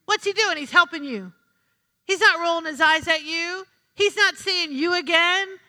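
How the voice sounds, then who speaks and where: Her voice very high and piercing, a woman pastor preaches to her congregation, words echoing with long reverb through a church sanctuary. Pushed and bright at a moderate pace, she works the room with call-and-response and says important lines twice.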